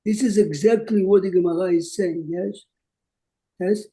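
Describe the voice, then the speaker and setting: Older rabbi with a sharp, bright voice. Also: male voice, sits high, steady tone, moderate pace, low-quality recording. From Jerusalem. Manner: storytelling, mixes Hebrew terms into English. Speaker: rabbi teaching a class. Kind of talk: online Torah class.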